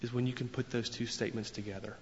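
A man's voice: medium pitch, fairly even intonation, fast talker. A man preaching a sermon in an earnest, emphatic way, repeating phrases for weight. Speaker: pastor. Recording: long reverb, dull lo-fi sound.

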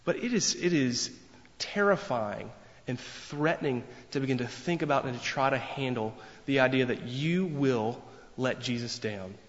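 A man's voice: medium pitch, expressive, normal speed. A man preaching a sermon in an earnest, emphatic way, repeating phrases for weight. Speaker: pastor. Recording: long reverb, dull lo-fi sound.

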